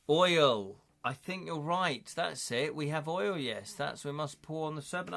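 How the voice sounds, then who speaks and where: A man's voice: a little high, lively intonation, slow pace, gravelly, a bit bright. A man playing a gamebook live, reading its passages aloud and thinking aloud with his viewers. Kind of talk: live-streamed gamebook play, narration and chat.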